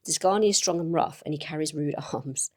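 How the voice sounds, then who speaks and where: With a low voice, a woman voices a calm, wise elderly professor from a gamebook. She gives his formal, old-fashioned words an earnest, measured reading in a solemn mood.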